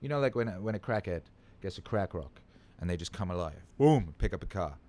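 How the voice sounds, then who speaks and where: A man's voice: deep voice, lively intonation, brisk, mellow. A tired man hosting a livestream, chatting loosely and swearing freely as he greets viewers. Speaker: livestream host. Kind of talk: casual livestream chat.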